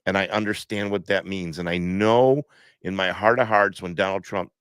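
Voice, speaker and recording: Stuffed-up man with a deep dry voice. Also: fairly even intonation, moderate pace, fairly bright tone, clean tone, dry recording. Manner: preachy, repeats himself, reads viewer comments aloud. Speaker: live stream host. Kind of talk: casual live-stream commentary.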